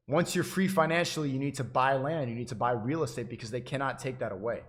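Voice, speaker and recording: A man's voice: medium pitch, quick pace, few pauses. A man livestreaming, giving an insistent, preachy monologue to his chat, often repeating and restarting his phrases.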